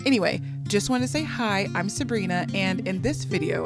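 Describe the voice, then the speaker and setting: A woman chatting casually to the camera at home, animated and playfully dramatic, talking to her viewers. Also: mid-range voice, normal speed, over loud music. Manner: animated, self-mocking and dramatic. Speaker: book vlogger. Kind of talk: casual vlog chat. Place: at home, indoors. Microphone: camera mic.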